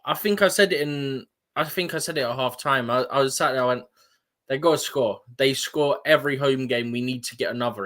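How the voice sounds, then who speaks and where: A man on a fan panel recounting the match in an animated, incredulous way. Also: medium pitch. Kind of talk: casual fan commentary.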